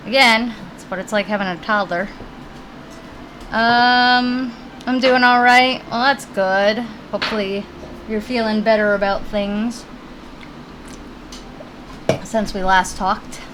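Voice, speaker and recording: A woman's voice: medium pitch, fairly even intonation, unhurried, pauses often, fairly bright tone, a little hiss or hum, poor audio. A woman live-streaming a video game in casual chat, talking with viewers and her puppies at her computer. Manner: chatty, talks to her puppies between game lines.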